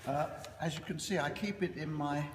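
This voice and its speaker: An older man with a Cockney accent giving an anecdotal, self-deprecating after-dinner speech with frequent pauses. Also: fairly high pitch. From East End of London. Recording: echoey hall with noise.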